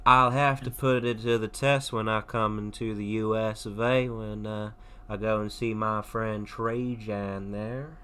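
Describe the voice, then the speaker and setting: A man's voice: fairly low pitch, level tone, unhurried, a bit bright, clear, resonant tone. An English man judging art contest entries, chatting casually and jokingly on an online voice call. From England. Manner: rambling and jokey, frequent laughs. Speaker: contest judge.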